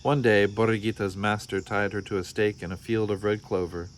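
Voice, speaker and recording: A man with a lowish voice reads a folk tale aloud from a picture book. He tells it expressively, at a storyteller's pace. Faint crickets chirp behind him. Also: fairly even intonation, a little fast, a little hiss or hum. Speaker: storybook reader.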